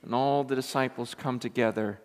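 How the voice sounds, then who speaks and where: A man's voice: medium pitch, steady tone, fairly quick. A man preaching a sermon in an impassioned, emphatic way, often repeating words as he builds up. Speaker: pastor. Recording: long reverb of a large hall.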